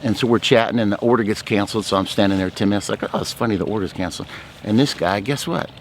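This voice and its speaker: A man's voice: lowish voice, fast talker, a little hiss or hum. A man speaking as a ministry speaker, giving a chatty faith testimony full of stories. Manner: talkative, outgoing storyteller.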